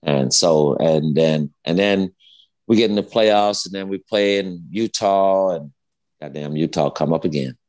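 A man's voice: deep voice, unhurried, a little mellow. A man in his fifties, a former basketball player, telling a heated story as a guest, swearing freely and repeating himself. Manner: profane, heated, repetitive storytelling. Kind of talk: casual storytelling interview.

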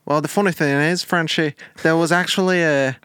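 A man voicing a crude male caller in a put-on Irish-sounding accent, delivering outrageous lines flatly and matter-of-factly as if on a phone call. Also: on the high side, moderate pace, clear, resonant tone, no room sound, clean studio sound, voice pushed up, natural voice. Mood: deadpan. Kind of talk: improvised comedy phone bit.

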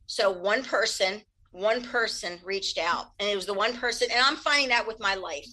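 A woman Reiki practitioner giving candid interview answers, talking fast and animated and laughing often. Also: mid-range voice, poor audio.

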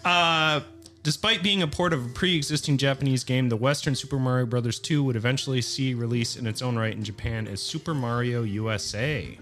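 A man's voice: mid-range voice, brisk, soft background music. A man co-hosting a casual podcast, chatting and reading game history notes with light chuckles. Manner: relaxed, reads dates and facts, chuckles. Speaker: podcast co-host.

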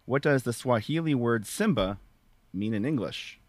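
A man's voice: mid-range voice, moderate pace, no room sound. A man guesting on a casual podcast, steadily reading out quiz questions. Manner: steady, reads questions aloud. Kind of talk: casual chat.

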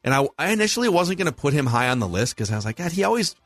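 A man's voice: medium pitch, sing-song, rapid-fire, fairly bright tone, no echo, soft background music. A man in his forties with a Minnesota accent, hosting a casual sports podcast and eagerly running through rankings. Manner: enthusiastic, lists rankings. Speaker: podcast host.

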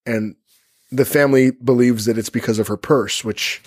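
A man's voice: medium pitch, steady tone, normal speed, no room sound, studio quality. A man co-hosting a casual true-crime podcast who rambles, stumbles over words and corrects himself as he goes. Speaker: podcast co-host.

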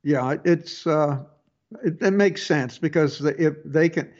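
A man's voice: fairly high pitch, darkish tone, highs cut off. A man hosting a tech advice show, talking casually with frequent restarts and fillers. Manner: halting, many restarts and fillers. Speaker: radio tech show host. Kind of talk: casual call-in advice talk.

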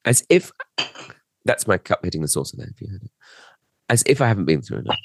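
A man's voice: low voice, sing-song, fast, gravelly, husky. A man co-hosting a comedy podcast, telling a rambling, self-mocking story in casual chat. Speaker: podcast co-host.

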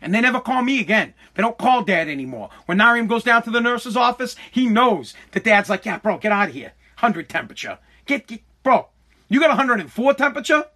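Profane high-voiced man ranting. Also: lively intonation, brisk, pushed and bright. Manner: profane, exasperated, acts out the voices in his story. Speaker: father telling a story. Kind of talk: casual storytelling rant.

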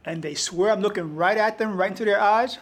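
A man's voice: high-pitched, fairly quick. A man with a New York Bronx accent, telling stories as a guest in an interview. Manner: animated anecdotal storyteller. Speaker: guest storyteller and poet. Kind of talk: conversational interview storytelling.

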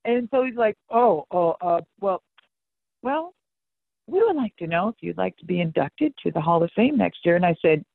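Middle-aged woman, animated storyteller who swears freely and acts out dialogue, on a thin, dry phone-quality line. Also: medium pitch, moderate pace, vocal fry, dry recording. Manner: animated and profane, acting out both sides of conversations. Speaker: interview guest, monster truck driver. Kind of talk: casual storytelling in an interview.

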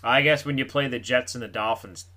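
A man hosting a sports podcast, chatting casually with quick wry asides. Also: medium pitch, crowd noise. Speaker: podcast host. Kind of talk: casual chat.

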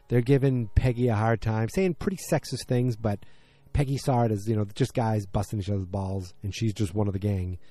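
With a warm, lowish voice and no room sound, a man from middle America speaks in a Midwestern accent. He recaps a TV drama in a loose, rambling way, heavy on fillers, performing the characters' lines as he goes.

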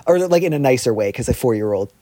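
A man's voice: mid-range voice, expressive, quick pace, dark tone, no echo. Guy rambling thru advice on a podcast, hedges a lot, dry close sound. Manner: rambling, self-aware hedging. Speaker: guest advice columnist. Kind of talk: casual podcast chat.

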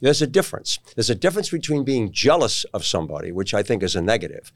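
Male talk show host, very lively pitch, affirming, chatty. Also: fast. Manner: affirming, frequent encouraging interjections. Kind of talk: interview conversation.

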